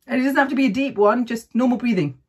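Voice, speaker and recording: A woman's voice: a little high, fast talker, husky. A middle-aged woman talking casually to camera, sharing breathing tips in a chatty way and often checking in with "okay?". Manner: chatty, keeps adding "okay?". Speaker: vlogger sharing health tips. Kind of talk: casual advice talk to camera.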